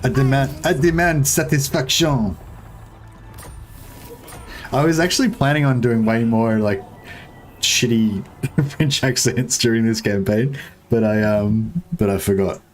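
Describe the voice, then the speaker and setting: A young man with a lowish voice talks his way through a strategy game on stream. He rambles, jokes and answers his viewers in a loose, offhand way, with a little swearing mixed in. Soft game music plays faintly underneath. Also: normal speed. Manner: rambling, joking, chats with viewers, mild swearing. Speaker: gaming streamer. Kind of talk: casual let's-play commentary.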